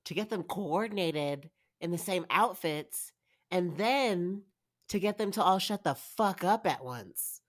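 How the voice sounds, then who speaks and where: A woman co-hosting a podcast in casual chat, blunt and profane, her sentences often trailing off quietly. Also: lowish voice, lively intonation, measured pace. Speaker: podcast co-host.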